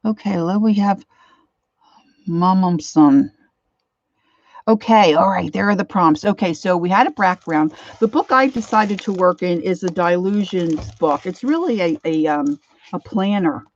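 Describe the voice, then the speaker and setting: A woman's voice: fairly low pitch, lively intonation, measured pace, a little mellow, dry recording. An older woman hosts an art livestream and chats casually, greeting viewers one by one by name. She is chatty and a little emotional. Her voice comes through slightly muffled and dry from a computer mic set too far away. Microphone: computer mic, set far from her face.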